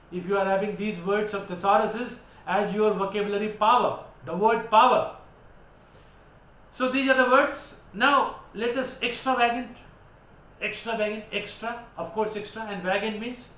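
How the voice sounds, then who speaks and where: In an echoey room with faint background noise, a man with an Indian English accent gives a vocabulary lesson, spelling words out and switching into Hindi to explain. His voice sits high and a bit bright.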